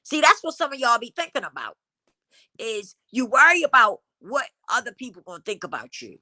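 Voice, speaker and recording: A woman hosts a livestream and talks straight to her viewers with emphatic, preaching conviction. Her tone is bright and forward, with a dry, close sound. She speaks in casual vernacular and sounds a little stuffy from a cold. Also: fairly high pitch, very animated, brisk, no room sound. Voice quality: slightly congested from a cold. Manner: emphatic, preachy, addresses the audience as y'all; African American Vernacular English speech. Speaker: livestream host. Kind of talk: casual motivational talk to viewers.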